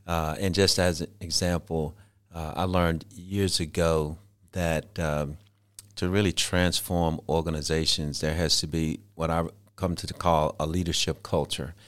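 A man answering interview questions in a measured way, setting out his points one by one. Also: rumbling low, level tone, fairly bright tone. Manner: measured, lists points steadily. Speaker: guest, former fire chief.

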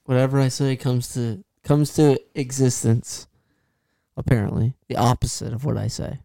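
Young male host, mellow smooth voice, dry sound, sarcastic banter. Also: medium pitch, steady tone, moderate pace, dry recording. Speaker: podcast host. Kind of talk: casual sports chat.

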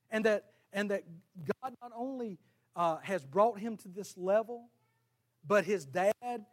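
A male pastor with a high voice and brisk pace preaches a sermon in a folksy, storytelling style that rises into loud, fervent exhortation.

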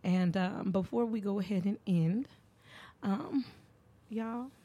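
A young adult woman hosts a podcast, telling candid stories in casual chat with a slow, medium-pitched voice whose highs are cut off. She becomes animated when acting out the quoted lines.

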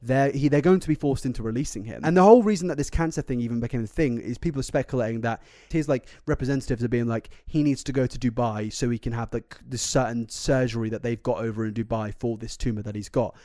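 A man's voice: medium pitch, quick pace, hardly any pauses, dark tone, no room sound, studio quality. A young British man co-hosting a podcast in casual banter, swearing, laughing and restarting his sentences. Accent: British English. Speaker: podcast co-host.

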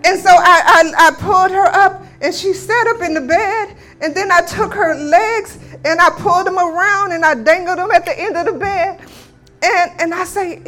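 A woman's voice: very high-pitched, unhurried, fairly bright tone. A woman giving a sermon testimony, telling a healing story with emphatic declarations. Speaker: guest speaker.

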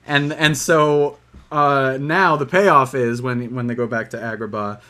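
A man's voice: mid-range voice, fairly even intonation, bright, forceful tone. A man co-hosting a podcast, chatting casually about a movie with many fillers and restarts. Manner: rambling, many fillers and restarts, quick quoted voices. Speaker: podcast co-host.

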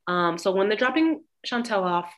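A woman's voice: medium pitch, animated, moderate pace. A woman co-hosting a casual chat, blunt and swearing freely as she recaps a story.

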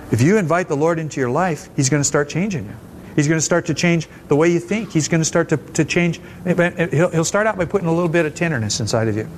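A man's voice: a little high, fast talker, a little hiss or hum. A man preaching a conversational, folksy sermon at a church service, often restarting his phrases. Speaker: pastor.

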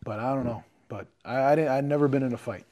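A man's voice: medium pitch, fast, warm tone. Hesitant, reflective man from Jordan. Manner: hesitant, full of fillers, reflective. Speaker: podcast co-host. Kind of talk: casual chat.

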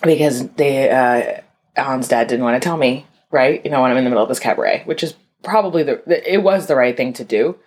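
Young woman, very deep voice, candid chatty storytelling, says y'all. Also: brisk, a little mellow. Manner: candid, conversational, frequent "like" fillers; addresses listeners as y'all. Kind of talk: personal storytelling to an audience.

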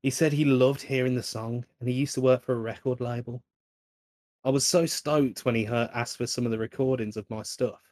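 A man's voice: mid-range voice, steady tone, brisk, a little mellow, no room sound. A man co-hosting a casual podcast, rambling and swearing freely as he tells a joke story. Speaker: podcast co-host.

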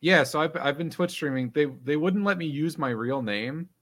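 A man's voice: a little high, normal speed, fairly bright tone. A man telling a story in casual chat, laughing often and swearing casually. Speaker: podcast guest.

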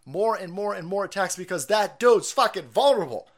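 Man, high voice, profane livestream rant, mocking, shouty then muttering. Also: lively intonation, brisk. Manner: loud, mocking, swings between shouting and low muttering. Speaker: political commentary streamer. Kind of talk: profane ranting livestream commentary.

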